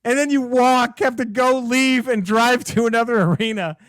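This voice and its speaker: A man co-hosting a casual podcast, swearing and laughing as he tells animated stories. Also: very high voice, moderate pace, no echo, clean studio sound. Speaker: podcast co-host. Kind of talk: casual chat.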